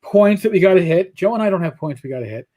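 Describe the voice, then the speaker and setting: A man's voice: high voice, animated, fast, phone-quality sound. A man with a New York accent hosting a casual livestream chat, talking bluntly and profanely, rambling with restarts. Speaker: podcast host.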